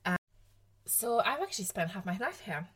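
A woman's voice: mid-range voice, sing-song, moderate pace, fairly bright tone, slightly rough. A woman in her thirties speaks with a French accent, talking straight to her listeners on her own podcast. She is chatty and self-deprecating and laughs a lot as she goes. She comes across as an easygoing coach sharing her own story. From France, Provence. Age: 30s. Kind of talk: casual solo podcast talk.

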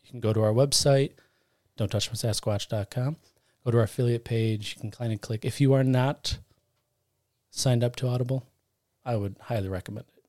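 A man's voice: medium pitch, fairly even intonation, brisk, darkish tone, dry recording, clean studio sound. Man, podcast co-host, casual storytelling, rambling, self-correcting, jokey. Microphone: studio podcast mic.

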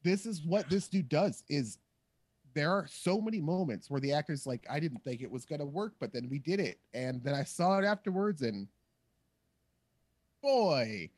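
Animated, cursing young-sounding man. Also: a little high, normal speed, no room sound. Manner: animated, rambling, acts out quotes in silly voices. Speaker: podcast co-host. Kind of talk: casual profane chat.

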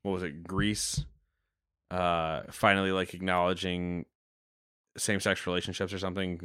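A man with a low voice co-hosts a casual gaming news podcast. He reads quotes off the page in an easy, joking way, with a few crude asides. The sound is dry and close, with no room around it. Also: little pitch movement, moderate pace, a bit bright, clean tone, no room sound. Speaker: podcast co-host.

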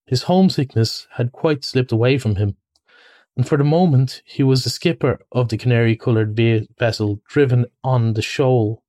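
A man reading a children's classic aloud in measured storybook narration, with a few small restarts. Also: mid-range voice, a little mellow, dry recording. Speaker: reader.

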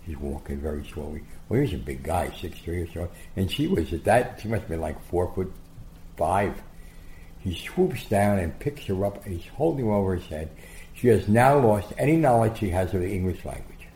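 A man being interviewed as a guest, telling rambling, animated anecdotes and acting out the quotes. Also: sits low, normal speed. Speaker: guest storyteller. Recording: roomy echo.

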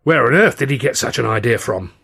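A man's voice: mid-range voice, fast, close to an everyday voice. A man voicing a harried middle-aged male company manager who talks in anxious, breathless pleas. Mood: exasperated.

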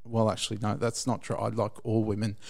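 A man telling a long personal story in casual chat, rambling and halting, with frequent restarts. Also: lowish voice, level tone, vocal fry, darkish tone. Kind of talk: casual anecdote.

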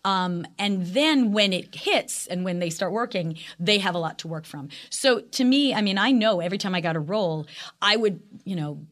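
A middle-aged woman with a Long Island accent, chatting as an actress guest in a casual interview, animated and full of fillers. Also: medium pitch, moderate pace. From Long Island, New York.

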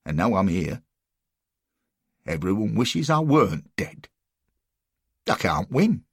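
A man's voice: on the low side, big pitch swings, slow, creaky, breathy edge, dry recording, studio quality, full character voice. A man voicing a mournful, self-pitying football referee. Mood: glum.

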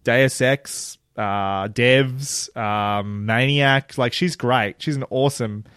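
Animated swearing man. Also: medium pitch, slow, clean tone, no room sound. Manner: animated, swears, laughs often. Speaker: podcast co-host. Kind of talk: casual chat reviewing a TV show.

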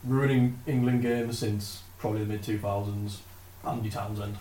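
A man co-hosting a casual football podcast, telling stories with animated delivery and dry put-downs. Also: lowish voice, normal speed. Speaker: podcast co-host. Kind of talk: casual chat. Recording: echoey room, distant mic, faint noise.

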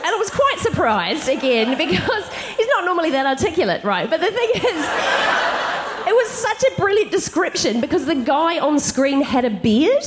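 A woman comedian doing live stand-up storytelling, her high voice leaping all over the place as she laughs through each anecdote. The theatre stage carries clear background noise behind her. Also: sing-song, normal speed. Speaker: comedian and co-host.

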